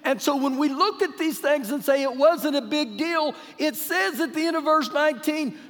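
High-voiced male preacher in an echoing sanctuary. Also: normal speed, few pauses. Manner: emphatic preaching with rhetorical questions to the congregation; humorous paraphrasing of scripture. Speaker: pastor. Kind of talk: sermon. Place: church sanctuary during a live service. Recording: live church recording with long hall reverb.

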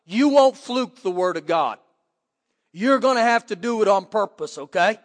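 High-voiced pastor preaching in a hall. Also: male voice, normal speed. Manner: animated storytelling with quoted voices. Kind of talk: sermon. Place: church sanctuary.

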